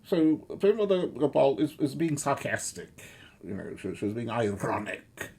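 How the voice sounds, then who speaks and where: Halting, gravelly middle-aged man. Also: medium pitch, very animated, mellow. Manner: halting, full of fillers and restarts, sardonic. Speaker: commentator. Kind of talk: rambling spoken commentary.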